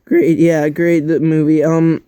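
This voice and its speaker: A man's voice: on the high side, level tone, a little slow, dark tone, clear, resonant tone, no room sound, clean studio sound. A young man co-hosting a casual movie review chat, blunt and opinionated.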